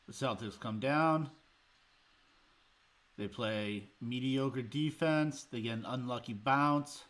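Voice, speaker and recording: Exasperated man ranting about a game. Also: medium pitch. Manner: exasperated, heated, sarcastic. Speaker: sports podcast host.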